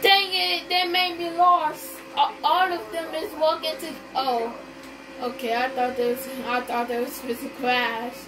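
A woman giving casual, excitable commentary as she plays a racing game, gasping and shrieking at near misses. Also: high voice, a little slow, far from the mic, background noise. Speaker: gamer. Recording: game music playing underneath.

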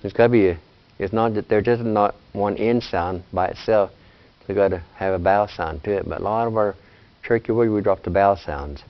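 An older man with a low, smooth voice teaches in a patient, plain-spoken way. The recording sounds dull and lo-fi. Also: a little fast. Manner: patient, plain-spoken, often ends with "you see". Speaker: Cherokee language teacher. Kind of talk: casual language lesson.

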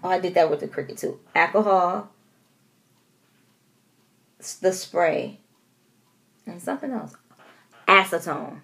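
A woman from Detroit telling a story to her camera at home in a casual vlog, animated and expressive, laughing often and acting out what people said. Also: fairly low pitch, unhurried, gravelly, pauses often. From Detroit, USA. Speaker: vlogger.

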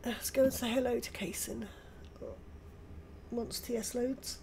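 An older British woman hosting her own gaming channel, chatting excitedly through gameplay and with friends on voice chat. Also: fairly high pitch, creaky, slight background noise. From United Kingdom. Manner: chatty, excitable, quick exclamations. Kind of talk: casual gameplay commentary.

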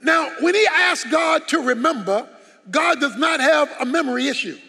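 A man preaches a sermon as a pastor, his very high voice bright, expressive and forceful at a normal speed. He is emphatic and fires off rhetorical questions, with a long hall reverb on the recording.

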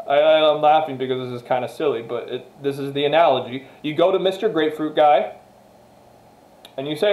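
A man's voice: fairly high pitch, animated, brisk, a little mellow. A man giving a casual motivational monologue straight to viewers, emphatic and repetitive, swearing freely. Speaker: motivational vlogger. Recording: echoey room.

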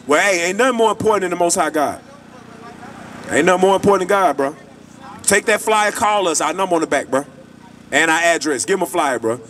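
Man preaching outside, high voice, kinda far off with some street noise. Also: expressive, a little fast, pauses often, a bit bright. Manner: emphatic, repetitive, colloquial. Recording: distant mic, traffic noise.

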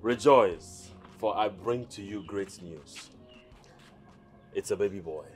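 A solemn birth announcer. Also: male voice, lowish voice, darkish tone, soft background music. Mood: proclaiming. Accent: Nigerian. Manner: slow, proclaiming.

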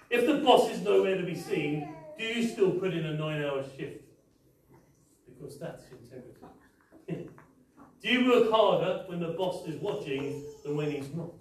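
A man delivers a sermon, pressing his point home with repeated rhetorical questions. His voice sits a little high. It rings through a very echoey church hall, caught from a mic some way off, with faint noise underneath. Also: distant mic. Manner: emphatic, repetitive rhetorical questions. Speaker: preacher.

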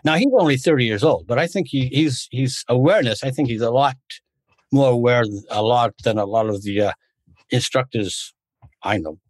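A slightly mellow mid-range voice at a moderate pace belongs to the American martial arts instructor appearing as a podcast guest. He rambles through stories in casual talk and restarts his sentences often, on a dry recording.

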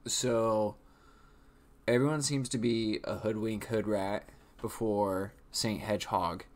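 A man's voice: lowish voice, fairly even intonation, slow pace. A young man giving casual live commentary on a comic chapter, talking loosely with lots of "like". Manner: casual, loose phrasing with frequent "like". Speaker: reaction video host.

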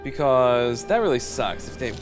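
A man giving casual let's play commentary, excitable and joking, swearing and laughing at the game. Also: mid-range voice, moderate pace. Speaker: gamer. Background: game music.

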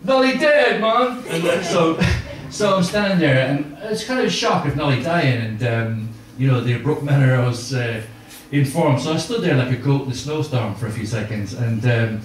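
A man's voice: mid-range voice, lively intonation, moderate pace, hardly any pauses, a little hiss or hum. A middle-aged man doing stand-up, telling rambling self-mocking stories with filler words, at a live gig. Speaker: stand-up comedian. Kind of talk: stand-up storytelling. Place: live comedy gig venue. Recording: echoey room from far off.

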